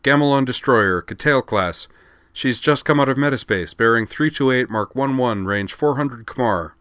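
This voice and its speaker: Narrator doing a deadpan sci-fi scanner guy, short dry reports. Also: mid-range voice, normal speed, dry recording, voice pushed up, close to an everyday voice. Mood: tense. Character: wary ship's sensor officer, man, dry.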